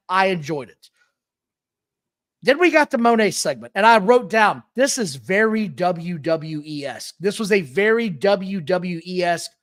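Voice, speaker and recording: A podcast co-host with a mid-range voice chats casually and bluntly, swearing often. When something annoys this speaker, the voice gets loud. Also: mid-range voice.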